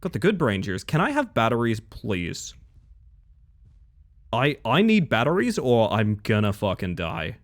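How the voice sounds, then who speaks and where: Animated male streamer, lively pitch. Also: unhurried. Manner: animated, swears freely, chats with viewers. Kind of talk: live gameplay commentary.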